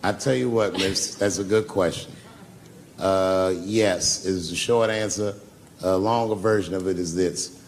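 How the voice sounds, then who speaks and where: Gravelly-voiced male stand-up comic. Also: deep voice, measured pace, slight background noise. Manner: profane, conversational storytelling with crowd work. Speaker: stand-up comedian. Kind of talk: stand-up comedy set. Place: comedy club stage before a live audience.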